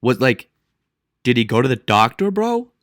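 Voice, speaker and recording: A young man hosting a podcast, rambling incredulously and jumping between loud outbursts and mumbled asides. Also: mid-range voice, big pitch swings, normal speed, no room sound, clean studio sound. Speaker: podcast host. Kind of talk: casual solo podcast rant.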